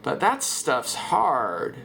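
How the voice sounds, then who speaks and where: A man voicing a rambling, excited middle-aged radio caller who talks slowly and halting, repeating himself in a comic voice-over dub. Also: mid-range voice, vocal fry, a little hiss or hum, exaggerated voice.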